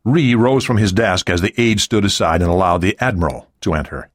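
A man narrating a thriller audiobook in an expressive storytelling style. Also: deep voice, a little fast, no room sound, clean studio sound. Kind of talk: scripted narration.

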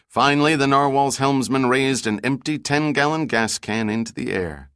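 A man giving measured, scripted audiobook narration of an adventure novel. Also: medium pitch, clear, resonant tone, dry recording, studio quality. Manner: even, measured storytelling.

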